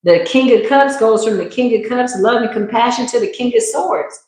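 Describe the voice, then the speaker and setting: A woman giving a live tarot reading, talking to viewers in an animated, emphatic way. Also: fairly high pitch, moderate pace, hardly any pauses, noisy background. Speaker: tarot reader. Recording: roomy echo.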